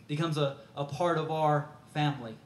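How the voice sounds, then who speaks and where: A man's voice: on the high side, fairly even intonation, normal speed, roomy sound. A man preaching a sermon, telling a story in an earnest, conversational way.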